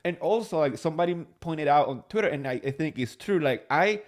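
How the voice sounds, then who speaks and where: A man's voice: on the high side, expressive, a little fast. A man appearing as a podcast guest, chatting casually and with strong opinions, often restarting his sentences. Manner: chatty, opinionated, with false starts. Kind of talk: casual gossip chat.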